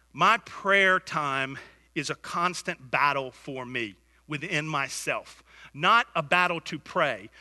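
Bright-voiced male pastor preaching in a hall. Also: high voice. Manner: animated storytelling, swings from hushed to loud. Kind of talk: sermon. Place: church sanctuary. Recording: church hall reverb.

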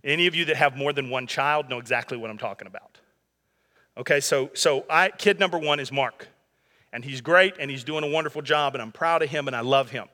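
A man's voice: medium pitch, a little fast, pushed and bright, big-room sound. A man in his thirties preaching a sermon in a conversational way, with humor and asides to the congregation. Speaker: pastor.

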